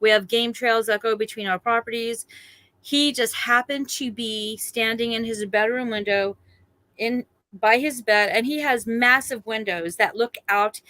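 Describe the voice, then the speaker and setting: A woman, a guest telling a personal story in a chatty, animated way and acting out other people's lines. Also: a little high, unhurried. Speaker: guest recounting a sighting.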